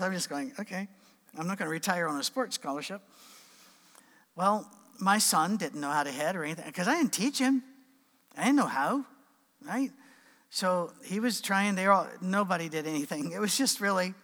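Middle-aged man, preacher, animated storyteller, fairly high voice, long reverb. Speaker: pastor. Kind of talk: sermon with humorous storytelling.

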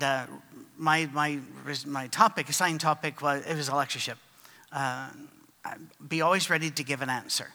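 Brief: male preacher, slightly high bright voice, loose storytelling delivery, reverberant hall. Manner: conversational, storytelling, with fillers and restarts. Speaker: preacher answering written questions. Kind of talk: sermon with questions and answers.

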